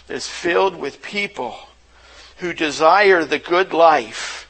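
A man's voice: fairly high pitch, takes it slowly, a bit bright, rough recording. A pastor preaching a sermon in church, asking the congregation questions and often repeating words as he restarts. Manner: asks rhetorical questions to the audience.

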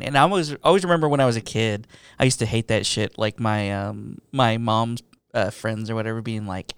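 A man's voice: on the low side, normal speed, clean tone, no echo. A man chatting casually in a laid-back way, sometimes dropping to a whisper for asides. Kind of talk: casual chat.

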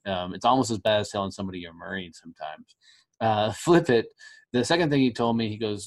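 A middle-aged man hosting a podcast, telling stories in a blunt, profane, animated way. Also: lowish voice, quick pace. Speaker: podcast host. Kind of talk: casual conversational interview.

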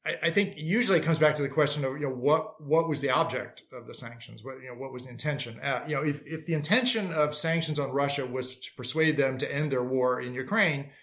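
A man speaking as a policy expert guest in a panel discussion, reasoning aloud in a measured way. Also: mid-range voice, a bit bright.

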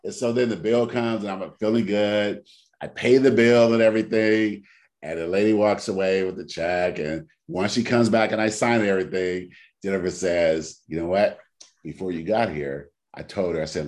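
A man co-hosting a casual podcast, telling stories in an animated way and breaking into loud laughter. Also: low voice, normal speed. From Sacramento area. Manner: animated storyteller, bursts into shouting laughter. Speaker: podcast co-host. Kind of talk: casual storytelling chat.

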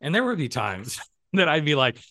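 A man in his forties hosts a relaxed podcast conversation with a bright, forward voice. He tells his stories with energy, slipping into other people's voices and laughing along the way. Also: a little high, moderate pace. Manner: animated storyteller who acts out quotes, laughs often. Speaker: podcast host. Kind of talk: casual chat.

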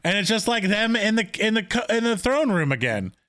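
Male co-host, higher register, eager scene-by-scene recapper, loose and filler-heavy. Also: very animated, brisk, a bit bright, no echo, clean studio sound. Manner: enthusiastic, retells scenes with quoted lines, many fillers. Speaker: podcast co-host. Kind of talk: casual TV recap chat.

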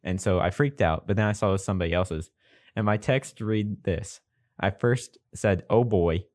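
A young man co-hosting a podcast, chatting casually with quick, teasing asides. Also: on the low side, dry recording. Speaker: podcast co-host. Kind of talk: casual chat.

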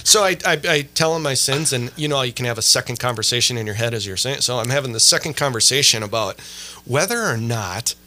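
Bright-voiced man telling stories. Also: mid-range voice, fast talker. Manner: animated storyteller, many fillers. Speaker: podcast host. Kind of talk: casual chat.

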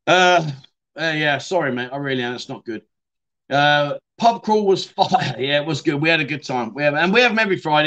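A man's voice: on the high side, fairly bright tone. A man hosting a casual livestream, reading out viewer comments and chatting back with frequent "mate" and the odd swear word. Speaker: livestream host.

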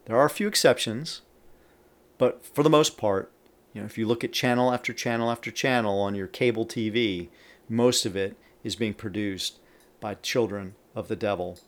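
A man's voice: on the low side, moderate pace. A man giving a Bible teaching on a podcast. He reads scripture aloud with added emphasis and stops to comment between verses. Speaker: podcast preacher.

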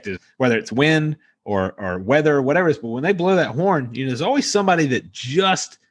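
Male co-host, husky tone, very lively delivery, interjects constantly. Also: on the high side, fast talker. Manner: animated, interjects often. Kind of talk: casual chat.

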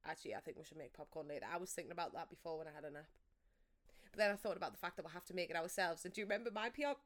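A woman's voice: on the low side, very fast, a bit bright. A young woman, co-hosting a podcast in casual, jokey chat and laughing often. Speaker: podcast co-host.

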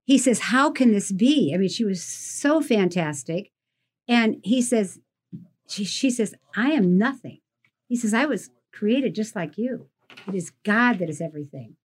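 A woman on a radio show, retelling a faith story with emphatic, lively delivery and many quoted lines. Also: mid-range voice, measured pace, husky. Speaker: guest storyteller. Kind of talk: animated casual storytelling on radio.

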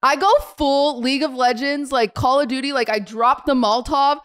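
Animated storytelling young woman, high voice. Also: normal speed, clean tone. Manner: animated storyteller acting out quotes, swings between soft mutters and loud outbursts. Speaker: podcast co-host. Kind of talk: casual chat, storytelling.

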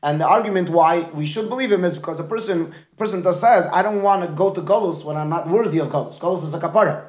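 A man leads a Talmud class at a brisk clip, his voice sitting a little high. He mixes Aramaic and Hebrew terms into his English and keeps asking his students "right?". The echo of the room carries around him. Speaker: Talmud teacher. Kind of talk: lecture with student questions.

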